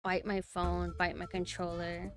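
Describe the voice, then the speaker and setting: A young woman streaming a platformer, chatting through her play and quick to yell and curse at the game. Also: lowish voice, flat delivery, faint music behind. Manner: rage-prone, yelling and cursing at the game; chatty, thinks aloud. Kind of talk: live gameplay commentary.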